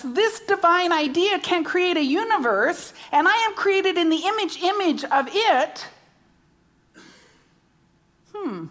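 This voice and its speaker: A woman's voice: extremely high pitch, fairly bright tone. A woman minister preaching a sermon, emphatic, repeating key words and asking rhetorical questions.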